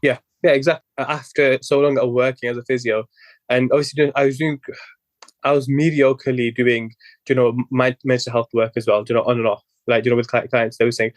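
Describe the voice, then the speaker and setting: A young man rattles along quickly in a level, unvaried tone, stumbling and restarting as he quotes his own past worries. His voice is dry and close to the mic, with no room sound. He is a guest in a relaxed podcast interview. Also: mid-range voice, no room sound. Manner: rambling, quick, many restarts and quoted self-talk. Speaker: guest physiotherapist.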